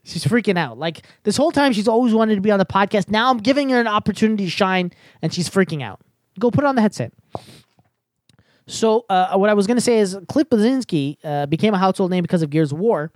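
A woman's voice: medium pitch, animated, fast talker, darkish tone, no room sound. A woman hosting a casual podcast from a headset mic, rambling with lots of fillers and restarts. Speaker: podcast host.

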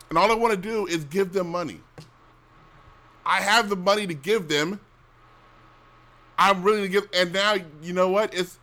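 Blunt, bright-voiced man ranting. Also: fairly high pitch. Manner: blunt, complaining, profane, with restarts. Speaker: show host. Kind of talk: casual rambling chat.

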